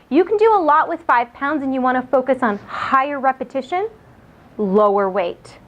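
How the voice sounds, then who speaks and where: A woman giving a live lecture on diet and exercise, chatty and lively, asking her audience questions. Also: a little high. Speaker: nutrition speaker. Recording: muffled lo-fi lecture recording.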